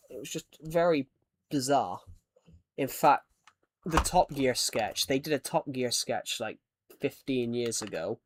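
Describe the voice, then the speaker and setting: A man's voice: mid-range voice, no echo. A man from the UK, chatting casually while playing a game, rambling with many false starts. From United Kingdom. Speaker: Minecraft streamer. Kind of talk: casual chat while gaming.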